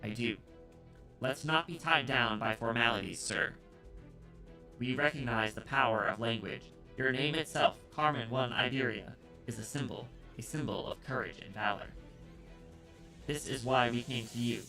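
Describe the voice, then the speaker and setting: A man voicing a charismatic female alien consul who speaks through a drone, in a measured, formal diplomatic manner. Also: mid-range voice, bright, forceful tone, faint music behind, poor audio. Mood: formal, courteous.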